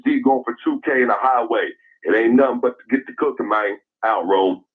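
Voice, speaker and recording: A man calling into a radio show, talking fast street slang with a boastful swagger. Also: medium pitch, breathy edge. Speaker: caller. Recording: tinny phone line.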